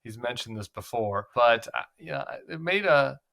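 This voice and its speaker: Male political commentary host, bright voice, sarcastic and conversational. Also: mid-range voice, animated, a little slow, gravelly.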